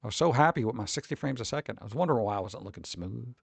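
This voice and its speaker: A man's voice: mid-range voice, expressive, rapid-fire, vocal fry, slightly rough, dry recording. A man streamer chatting casually and rambling with his live chat, swearing freely and talking straight to his viewers.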